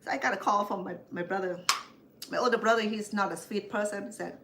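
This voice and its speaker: Talking fast in a mid-range voice, an older cooking show host rambles through family stories as she cooks, putting on the voices of her relatives. The background is noisy.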